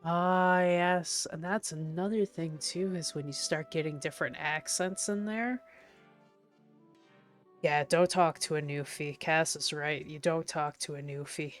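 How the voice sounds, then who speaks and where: A woman's voice: sits low, fairly even intonation, measured pace, faint music behind. A woman with a faint Prince Edward Island accent chatting casually with her stream chat, playful and repeating words to test how she says them. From Prince Edward Island, Canada. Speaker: art streamer.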